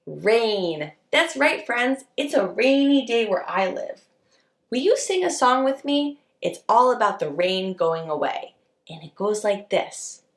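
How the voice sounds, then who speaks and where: A woman leading a preschool circle time lesson, talking to young children in a slow, sing-song, encouraging way. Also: fairly high pitch, a bit bright, reverberant. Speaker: preschool teacher.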